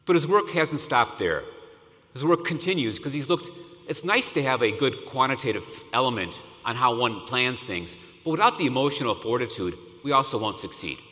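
A male host giving a measured, earnest introduction from a podium, his voice bright and forward. It carries a long reverb from a large hall. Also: mid-range voice, lively intonation. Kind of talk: formal introduction.

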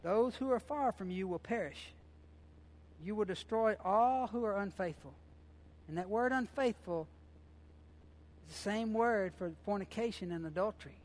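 A man's voice: sits high, moderate pace, long pauses, darkish tone. A man preaching a sermon as pastor, impassioned and conversational, repeating phrases and using informal, folksy grammar.

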